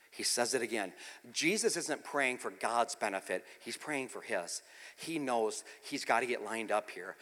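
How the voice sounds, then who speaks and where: A man preaching a sermon, telling the story with acted-out quotes and swinging from hushed, intimate passages to loud, shouted ones. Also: medium pitch, moderate pace, in a large hall. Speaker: pastor.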